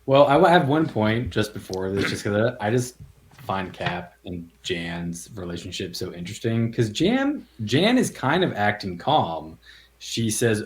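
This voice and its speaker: A man's voice: fairly low pitch, very animated, a little slow. A man co-hosting a casual comic book podcast, thoughtful, reading out characters' dialogue. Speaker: podcast co-host.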